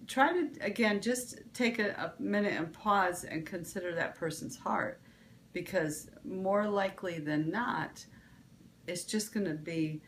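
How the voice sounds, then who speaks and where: A woman's voice: mid-range voice, measured pace, slight background noise. A woman vlog host, giving a casual motivational talk, rambling with restarts and fillers.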